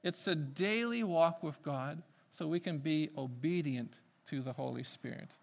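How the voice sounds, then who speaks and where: Man preaching, gravelly tone, fairly high voice, loud bursts then quiet asides. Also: unhurried. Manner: animated, swings between loud emphatic peaks and quiet asides. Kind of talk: sermon.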